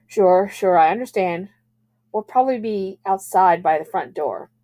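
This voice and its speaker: Brief: female reader doing a calm middle-aged manager, reassuring and steady. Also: mid-range voice, unhurried, natural voice.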